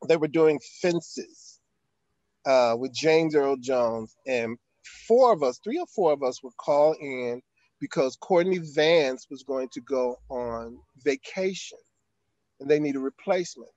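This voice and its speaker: A man's voice: medium pitch, animated, measured pace, a little mellow, no echo, dull audio. An older man, an actor, telling a long anecdote in an interview, acting out quotes and using frequent fillers. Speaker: actor guest. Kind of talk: storytelling in an interview.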